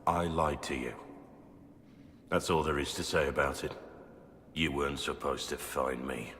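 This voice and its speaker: An actor playing a gravelly, guilt-ridden warrior in a video game, speaking gravely and condemning himself. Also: male voice, fairly even intonation, a little slow, a bit bright, roomy sound, big-room sound, a little hiss or hum. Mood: bitter. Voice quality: deep gravelly voice. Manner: grave, heavy, self-condemning. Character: gruff guilt-ridden male warrior confessing.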